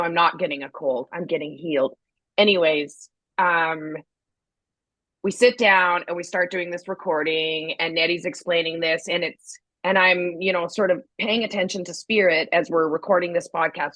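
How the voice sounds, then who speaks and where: A woman's voice: lowish voice, no room sound, low-quality recording. A woman co-hosting a podcast, telling a story candidly and acting out what people said, with a slight cold. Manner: candid, animated storytelling with acted-out quotes. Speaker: podcast co-host. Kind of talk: casual chat.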